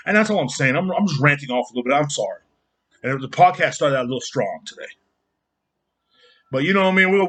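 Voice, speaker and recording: A man's voice: mid-range voice, fairly bright tone. A man hosting a podcast, ranting angrily and bluntly with constant swearing and the odd laugh. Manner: angry, swearing, blunt, laughs at own jokes. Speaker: podcast host. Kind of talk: profane solo rant.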